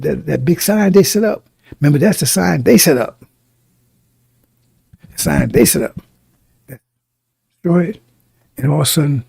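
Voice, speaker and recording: A man delivers a sermon in a gravelly, husky voice, warm and low in tone. He hammers his points through repetition and keeps asking his listeners whether they follow. The recording is dry and close. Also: no room sound. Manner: emphatic, repetitive, addresses listeners directly. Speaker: preacher.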